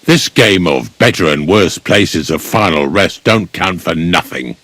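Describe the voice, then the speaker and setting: An actor playing a blunt, grumbling village gravedigger in a video game, speaking. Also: male voice, low voice, expressive, a little slow, a bit bright, no echo, full character voice. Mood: gruff.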